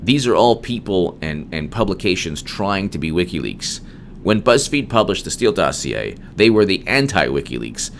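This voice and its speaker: A man's voice: deep voice, sing-song, normal speed, creaky, a little hiss or hum. A man hosting a solo political commentary monologue, emphatic and digressive, with frequent restarts.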